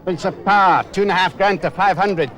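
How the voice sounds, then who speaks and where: An actor playing a bookmaker loudly calling out bets and ticket numbers. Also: male voice, high-pitched. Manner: loud, rapid calling out of bets. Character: loud male bookie calling bets. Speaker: bookmaker's clerk. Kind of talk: 1990s TV drama acting.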